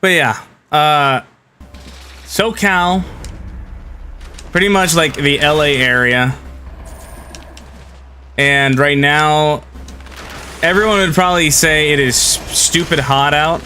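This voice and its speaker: Young man, game streamer, bright forceful tone, casual rambling chat, friendly with viewers. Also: a little high, slow, pauses often, slight background noise. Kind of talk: casual live-stream chat while gaming.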